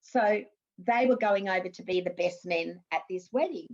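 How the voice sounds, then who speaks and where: A woman's voice: lowish voice, normal speed, darkish tone, muffled recording. An Australian woman in her fifties, a former TV actress, chatting through anecdotes in an interview with frequent restarts. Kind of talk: casual interview storytelling.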